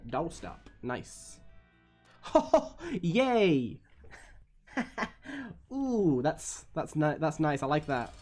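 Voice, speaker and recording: A man giving live gameplay commentary as a streamer, swearing often and swinging between weary groans and excited yelps. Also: a little high, extremely slow, soft background music.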